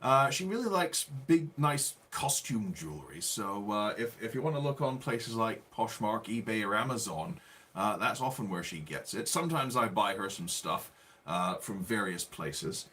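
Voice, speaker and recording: An English man co-hosting a livestream, chatting in a relaxed, hesitant way with many fillers. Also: on the low side, normal speed. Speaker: livestream co-host. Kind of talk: casual chat.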